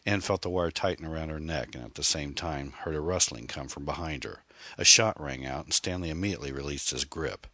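A man reading a mystery novel aloud in a measured, dramatic narration. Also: a bass voice, bright, forceful tone, no room sound. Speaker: audiobook narrator. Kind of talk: scripted narration.

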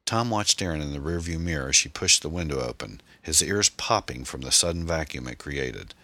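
A male audiobook narrator with an extremely low voice reads an action story in a brisk, dramatic way. His tone is bright and forceful, and his delivery moves lively up and down. The sound is dry and close. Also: no room sound.

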